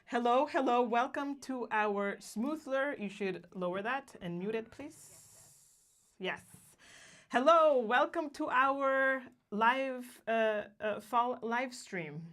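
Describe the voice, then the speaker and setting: A woman's voice: on the high side, slow, fairly bright tone. A woman from Guatemala co-hosting a casual livestream, cheerful and laughing often as she greets viewers by name. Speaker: livestream co-host.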